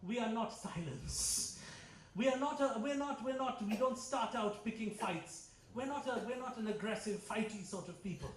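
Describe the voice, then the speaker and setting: High-voiced Indian comedian in an echoey hall. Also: male voice, normal speed, a little hiss or hum. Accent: Indian English. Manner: dry, ironic delivery with frequent self-corrections. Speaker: stand-up comedian. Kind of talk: stand-up comedy set. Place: club hall with a live audience. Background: audience laughter.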